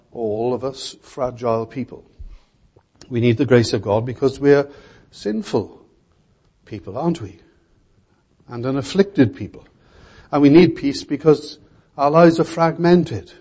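A man preaching an expository sermon in a measured way, often putting rhetorical questions to his listeners. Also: medium pitch, dark tone.

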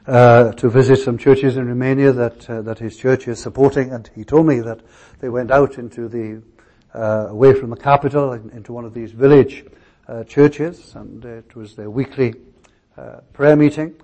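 A male pastor preaching a sermon, telling stories in a halting way with many restarts and fillers. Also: medium pitch, steady tone, dark tone.

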